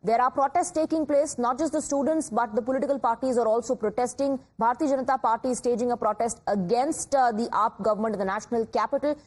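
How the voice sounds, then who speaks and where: A woman with an Indian English accent anchoring a TV news bulletin in a measured, formal way. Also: on the high side, a little mellow. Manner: measured, formal newsreading with occasional fillers.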